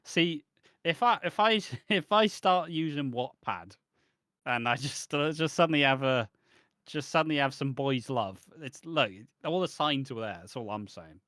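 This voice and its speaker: A man's voice: fairly high pitch, expressive, normal speed, a bit bright, no room sound. Sweary man, dry close sound. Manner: rambling, sweary, laughs often, slips into mocking quoted voices. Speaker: podcast co-host. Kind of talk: casual chat reviewing a soap opera.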